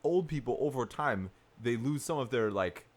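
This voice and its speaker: A man's voice: mid-range voice, animated, normal speed. A man co-hosting a podcast, explaining points in casual chat. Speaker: podcast co-host.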